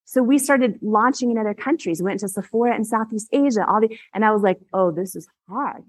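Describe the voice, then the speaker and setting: A woman in her forties giving a motivational keynote on stage, telling stories with animated delivery and frequent laughter. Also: mid-range voice, brisk, slightly rough, no room sound. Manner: animated, laughs often, acts out quotes. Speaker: keynote speaker. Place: event stage.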